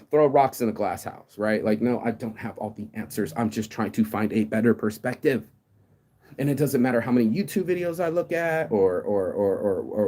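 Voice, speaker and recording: A man in his thirties with a fairly low voice rambles through a motivational vlog monologue. He swears freely, stammers and repeats himself, and breaks into sudden loud outbursts. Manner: profane, digressive, animated with sudden loud outbursts. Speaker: vlogger.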